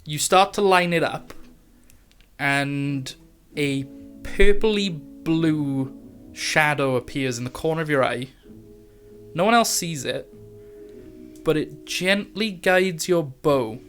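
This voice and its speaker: A man's voice: fairly high pitch, slow pace, long pauses, faint music behind. Chatty male dungeon master. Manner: relaxed, chatty, with many fillers and laughs. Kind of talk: narrating a tabletop game.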